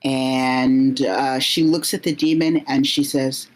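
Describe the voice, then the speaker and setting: A woman narrating a story as she recounts a vision, halting and searching for words as she goes. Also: rumbling low, steady tone, rough recording. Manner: halting, many fillers and restarts.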